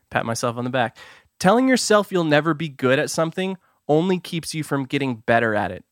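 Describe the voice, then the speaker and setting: Upbeat quick-talking male podcast host. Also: fairly high pitch, sing-song, no room sound, studio quality. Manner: upbeat, quick, self-amused. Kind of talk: solo podcast advice talk.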